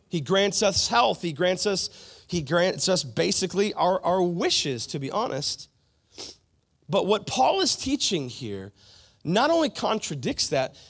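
Animated, high-voiced male preacher. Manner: animated preaching, conversational asides and playful impressions. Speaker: pastor. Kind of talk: sermon.

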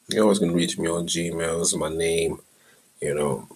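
A man's voice: sits low, steady tone, moderate pace, a little mellow, slightly rough, low-quality recording. A middle-aged man talking in a loose, profane, rambling monologue as a podcast host, drifting from mumbles into heated rants.

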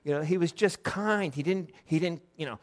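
A man's voice: a little high, normal speed. A middle-aged pastor preaching a conversational sermon, telling stories and acting out the voices of the people he quotes.

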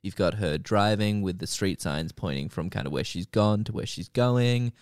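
A man's voice: lowish voice, normal speed, a little mellow, smooth, dry recording, clean studio sound. A man co-hosting a podcast, chatting casually and swearing freely about a TV show. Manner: laid-back, swears casually. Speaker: podcast co-host. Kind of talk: casual chat.

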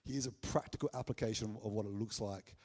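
A man with an Australian accent preaching a sermon at a Sunday church gathering, conversational and animated, with playful asides. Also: fairly low pitch, a little fast, husky. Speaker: pastor.

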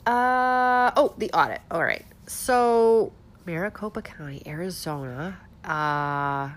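This woman's casual political commentary comes in a low, slow voice, her nose stuffed up. She stays sarcastic and animated throughout, rattling off one rhetorical question after another.

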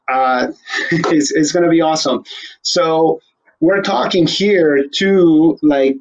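A man's voice: fairly high pitch, slow, a little hiss or hum. A man hosting a casual interview show, talking in a rambling, joking way. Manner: joking, rambling, laughs often. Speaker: host. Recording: slightly dull audio.

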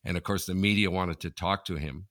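A man's voice: low voice, steady tone, fairly quick, a bit bright, no echo, studio quality. A man co-hosting a sports podcast, chatting casually and telling long rambling stories with many restarts over a video call. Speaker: podcast co-host. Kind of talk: casual chat. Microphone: headphones on video call.

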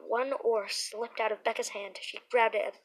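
A woman reading a children's horror book aloud, with dramatic, expressive storytelling and the occasional restart. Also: on the high side, moderate pace, husky, low-quality recording. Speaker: narrator.

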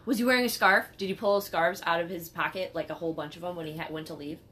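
A woman's voice: fairly low pitch, steady tone, bright, forceful tone, a little hiss or hum. A woman co-hosting a podcast, playful and teasing, joking along with her friend's story. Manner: playful, teasing, quick to joke. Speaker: podcast co-host. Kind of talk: casual podcast chat.

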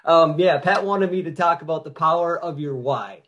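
Friendly, slightly high-voiced male coach. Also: moderate pace, a bit bright, muffled recording. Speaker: guest health coach. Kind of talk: casual talk.

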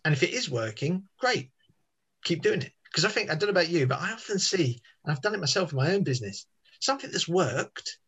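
A man's voice: on the high side, big pitch swings, brisk, a bit bright, breathy edge. A man, telling a rambling story in casual podcast chat. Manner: chatty, rambling with restarts and tangents. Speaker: podcast guest.

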